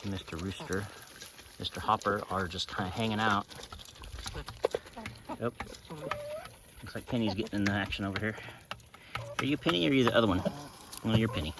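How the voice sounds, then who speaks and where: A man's voice: on the low side, moderate pace, pauses often. Man chatting to his farm birds. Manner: chatty, talks to his animals in a teasing, coaxing way. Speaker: backyard farmer filming his birds. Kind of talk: casual vlog narration. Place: outdoors in a farmyard. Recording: loud outdoor background noise.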